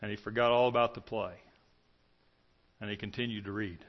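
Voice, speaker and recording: Man preaching with loud and hushed swings. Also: fairly low pitch, little pitch movement, fairly quick, dull audio. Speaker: pastor. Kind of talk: sermon.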